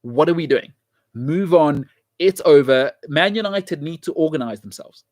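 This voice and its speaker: A man with a somewhat raised pitch hosts his own show, lecturing the audience in an emphatic, repetitive way. His opinionated football commentary comes across dry and close, with no room sound. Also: expressive, normal speed, darkish tone, no room sound. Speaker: show host.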